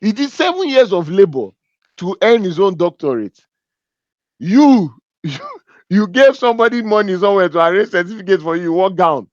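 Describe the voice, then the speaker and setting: A man with a Nigerian accent giving a humorous, animated business talk, joking and teasing as he tells stories. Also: high-pitched, normal speed, no echo, highs cut off. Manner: animated and joking, laughs at his own stories. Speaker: business speaker.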